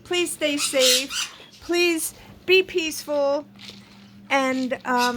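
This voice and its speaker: A woman's voice: high-pitched, extremely slow. A woman chatting and laughing with her parrots in affectionate baby talk, filming them for a vlog. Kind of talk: casual vlog talking to parrots. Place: bird room full of squawking parrots. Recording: loud bird noise behind.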